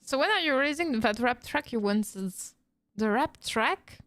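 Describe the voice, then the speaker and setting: A woman's voice: a little high, lively intonation, a little slow, fairly bright tone, dry recording, faint music behind. A woman from France with a French accent, chatting casually on a live Q&A stream, reading chat and laughing often. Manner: reads chat aloud, laughs often, playful teasing. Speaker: vtuber streamer.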